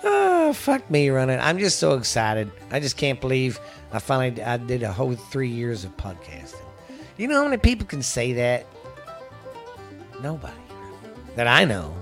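A man's voice: mid-range voice, huge pitch swings, moderate pace, a bit bright. Man from Texas hosting a podcast, loose and profane, faint music behind. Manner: rambling, profane, restarts often. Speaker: podcast host. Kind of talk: casual podcast chat.

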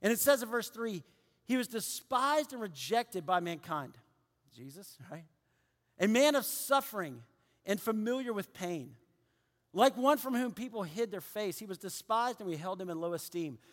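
Pastor guy preaching, lively, acts out what people say, goes quiet sometimes, big echoey church. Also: high-pitched, moderate pace. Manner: animated preaching, acts out quoted people, drops to hushed tones. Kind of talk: sermon. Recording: long hall reverb.

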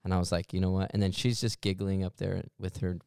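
A man's voice: deep voice, level tone, fast, creaky, a little mellow, clean tone, dry recording. A young man, a podcast co-host, telling a rambling, self-deprecating story in casual chat and laughing often.

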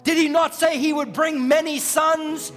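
High-pitched preacher guy shouting a sermon, big hall echo, faint music behind. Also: fairly even intonation, measured pace. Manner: shouting, rising to fervent preaching cadence.

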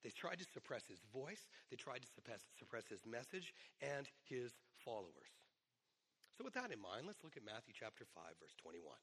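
A middle-aged male pastor preaching a sermon, hoarse today, in a conversational way with asides. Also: medium pitch, very animated, normal speed, a bit bright.

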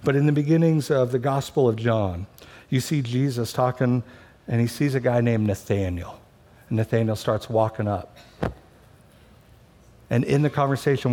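A man's voice: medium pitch, normal speed, mellow. Joking conversational male pastor preaching. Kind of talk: sermon.

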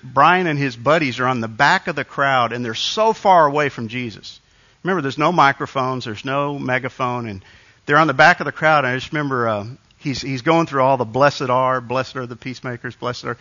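Bright-voiced man preaching a sermon. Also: a little high, muffled recording. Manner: conversational, self-deprecating storytelling with restarts. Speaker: pastor.

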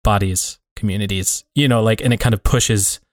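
This podcast co-host has a lowish voice and talks at a normal pace, musing and wandering through a casual chat full of filler words. The recording is dry and of studio quality.

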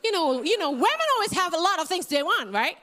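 High-voiced woman preaching. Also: fast. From Indonesia. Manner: animated storytelling with big pitch swings. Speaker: guest speaker. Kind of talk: sermon.

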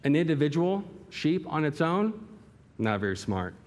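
A man's voice: a little high, very animated, normal speed, darkish tone. A male pastor preaching a sermon in a church hall, emphatic and full of rhetorical questions and vivid illustration.

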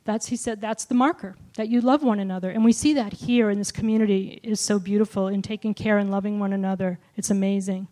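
A middle-aged woman giving a personal testimony sermon, telling a story with lively shifts and dropping to a whisper for quoted lines. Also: mid-range voice, moderate pace. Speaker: speaker at a church gathering.

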